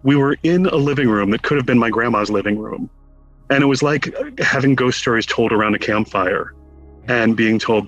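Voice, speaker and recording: A man from Connecticut, a guest in an interview, telling a lively anecdote with wry humor and acting out the quotes. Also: medium pitch, brisk, soft background music, rough recording. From Connecticut, USA. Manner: animated storyteller who acts out quotes with wry humor. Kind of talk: casual anecdotal storytelling.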